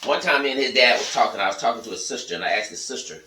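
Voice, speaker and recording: Man vlogger, blunt and profane, bright tense edge, a bit far off the mic. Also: mid-range voice, racing, echoey room, a little hiss or hum. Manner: blunt, profane, emphatic ranting to viewers. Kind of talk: casual storytelling monologue.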